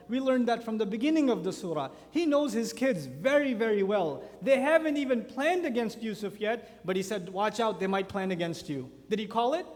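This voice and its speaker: A man in his thirties giving an animated sermon at a youth conference, full of rhetorical questions. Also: very high-pitched. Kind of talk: lecture sermon. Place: large conference hall. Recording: hall reverb from a conference hall.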